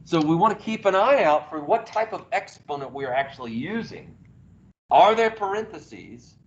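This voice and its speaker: A man's voice: a little high, very animated, normal speed, muffled recording, a little hiss or hum. A male math teacher, lecturing a class, asking questions and praising the answers. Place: classroom, heard through a small speaker.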